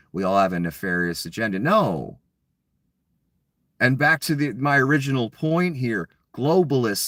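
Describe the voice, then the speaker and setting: A man's voice: medium pitch, fairly bright tone, no echo. A man giving a blunt, mocking solo commentary, full of profanity. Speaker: political commentator.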